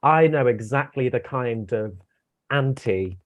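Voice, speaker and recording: A young man gives blunt opinions in an easy review chat, stammering through restarts as he talks. His voice sits at a middle pitch, and the sound is a bit dull and lo-fi. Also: animated, a little slow. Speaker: co-host guest.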